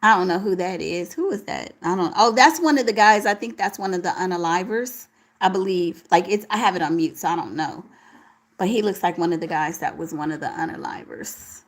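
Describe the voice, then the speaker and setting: Fairly low in pitch and fairly quick, this young woman's voice comes through a late-night livestream she hosts alone from home. She chats casually with slang and reads viewer comments, sounding sleepy, with a tired, crackling tone.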